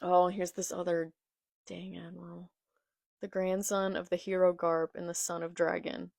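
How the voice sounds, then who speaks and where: This manga reaction vlogger, a young woman, speaks in a lowish, level, creaky voice with a darkish tone at a normal pace. In her casual reaction video she reads the comic's dialogue aloud and then adds her own comments between lines. It's filmed on a phone in portrait, and the audio is studio quality with no room sound.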